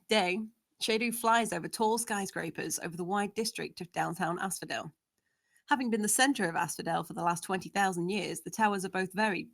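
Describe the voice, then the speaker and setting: A woman's voice: mid-range voice, creaky, fairly bright tone. A woman narrating, steadily reading out the scene descriptions of a screenplay.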